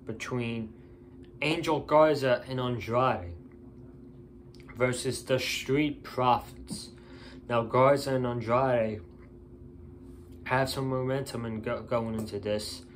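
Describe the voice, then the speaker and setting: A man's voice: medium pitch, slight background noise. A tired man giving a casual, opinionated wrestling show review, blunt and ranting.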